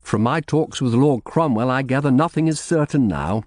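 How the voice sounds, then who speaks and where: A man's voice: mid-range voice, moderate pace, a little mellow, no echo, studio quality, voice pushed up, lightly acted. A man voicing a shrewd middle-aged lawyer who speaks firmly and asks probing questions.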